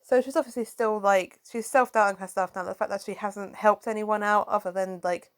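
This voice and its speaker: A woman reviewing a comic book, recapping it in a chatty, animated casual way. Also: medium pitch, fairly quick, poor audio.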